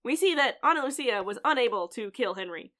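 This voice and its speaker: A woman's voice: a little high, animated, fairly quick, fairly bright tone. A woman co-hosting a casual TV recap podcast, swearing freely and laughing often. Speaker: podcast co-host.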